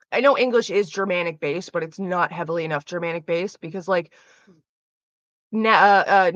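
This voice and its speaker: A young woman streamer chats casually on a livestream, rambling with many fillers, restarts and casual swearing. Her medium-pitched voice sounds pushed and bright. The recording is dry, dull and lo-fi.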